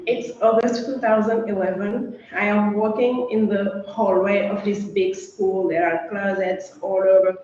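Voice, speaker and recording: A young woman from Senegal performing a personal story on stage, animated and acting out the voices of the people in it. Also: medium pitch, measured pace, few pauses. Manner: lively, acts out quoted voices and sings short snippets. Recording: very echoey, dull lo-fi sound with faint noise.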